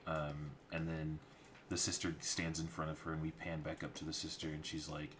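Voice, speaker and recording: Deep-voiced man rambling through story beats. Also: completely flat delivery, normal speed, background noise. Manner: rambling, many fillers and placeholders. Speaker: storyboard artist. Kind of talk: casual livestream talk-through.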